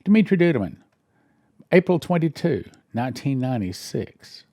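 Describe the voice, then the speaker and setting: A church minister reading news headlines aloud and breaking in with wry, sarcastic asides and questions he thinks through out loud. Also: medium pitch, sing-song, normal speed, dry recording, clean studio sound.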